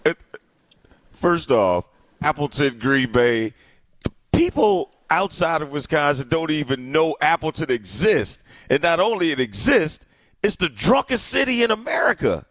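A man's voice: on the high side, sing-song, a little slow, a bit bright, no room sound. A man from East St. Louis co-hosting a radio talk show, joking and teasing in casual chat.

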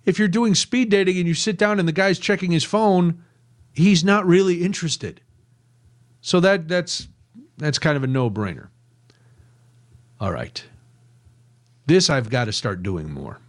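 Night radio host, male, higher voice, easygoing jokey banter. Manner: chatty, joking, reads listener texts. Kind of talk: casual radio talk. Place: radio studio.

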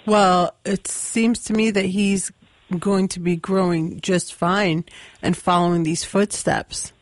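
A woman giving psychic readings to callers on a radio show, brisk and upbeat. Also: on the low side, fairly even intonation, no echo. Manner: brisk, upbeat, laughs often. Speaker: psychic reader. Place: radio studio.

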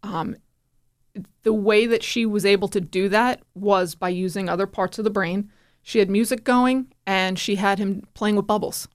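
Animated woman telling a story on radio. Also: mid-range voice, moderate pace. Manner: animated, acts out quoted dialogue. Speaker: guest, parent sharing her son's story. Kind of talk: casual radio interview storytelling.

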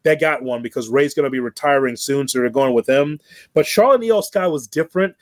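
A man's voice: medium pitch, brisk, no room sound. A man co-hosting a wrestling podcast, chatting casually and telling stories with frequent laughs and restarts. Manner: animated storyteller, laughs often, repeats words. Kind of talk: casual chat.

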